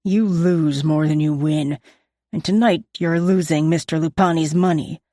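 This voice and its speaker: A woman voicing a threatening male enforcer who speaks slowly and deliberately. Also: sits low, steady tone, mellow, no room sound, studio quality. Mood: menacing. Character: menacing male loan-shark enforcer with gun.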